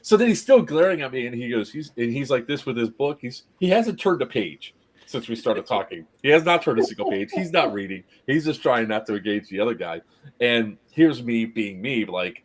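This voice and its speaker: Casual streamer, male, husky mid-range voice, animated storyteller who plays the other people in the story. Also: medium pitch, fairly quick. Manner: animated, laughs often, acts out the people in the story.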